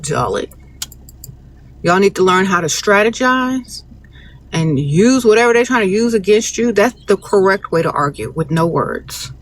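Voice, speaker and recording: A woman's voice: mid-range voice, lively intonation, normal speed. A woman hosting a casual livestream, giving blunt, sassy relationship advice in a lecturing tone.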